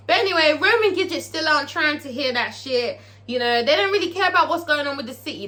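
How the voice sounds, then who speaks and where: A woman recapping a TV episode in a casual vlog, profane and excitable, tagging her lines with "okay?". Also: sits high, fairly quick. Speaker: TV show reviewer.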